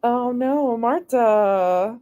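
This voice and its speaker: A woman's voice: on the high side, extremely slow, warm tone, highs cut off. A woman hosting a casual live stream from her bed, chatty and giggly with lots of fillers. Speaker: streamer host. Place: lying in bed at home. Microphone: headphones with mic.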